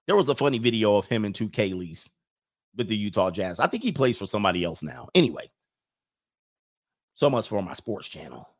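A man's voice: fairly low pitch, very animated, fairly quick, long pauses. A man hosting an opinionated commentary video, reacting to viewer comments in a blunt, mocking and slangy way.

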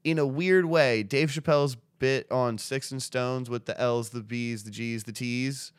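A man's voice: medium pitch, fairly even intonation, unhurried, smooth, no room sound. A young man co-hosting a podcast in casual chat, loose and profane, often laughing and acting out quotes. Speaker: podcast co-host.

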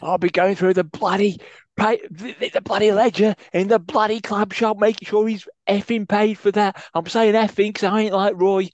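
A man's voice: sits high, steady tone, moderate pace, no echo, muffled recording, pitched above the performer's own voice, close to an everyday voice. A man putting on the voice of an irate, swearing football club boss.

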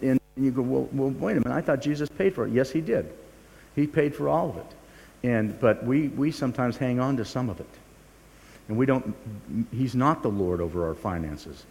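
A man's voice: fairly low pitch, darkish tone. An older man preaching a sermon as pastor, earnest and confessional, often restarting his sentences and poking fun at himself. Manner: earnest, confessional, with frequent restarts and self-mocking humor. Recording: long hall reverb.

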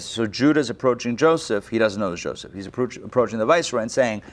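A man's voice: medium pitch, lively intonation, a little fast. A man teaching an online Torah class over a video call, retelling the text in casual modern speech.

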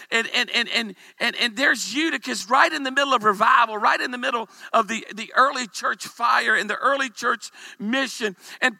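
A man, a pastor, preaching a humorous sermon with animated storytelling and calls for amens. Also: extremely high pitch, vocal fry, no echo.

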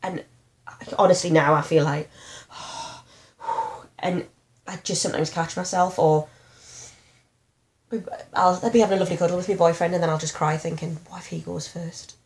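A woman, candidly telling personal stories in an animated, self-deprecating way. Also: lowish voice, moderate pace, pauses often. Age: 30s. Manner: frank, animated storytelling with self-deprecating humor.

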